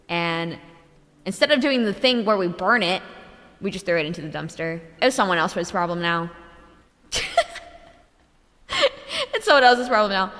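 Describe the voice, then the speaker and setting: A young woman streamer telling a true ghost story in a casual, animated way, swearing and laughing between lines. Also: lowish voice, long reverb tail. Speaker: VTuber streamer.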